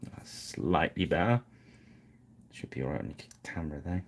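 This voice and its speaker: A man's voice: rumbling low, expressive, moderate pace, gravelly, a little hiss or hum. A man hosting a live painting stream, chatting casually and apologizing with self-deprecating asides.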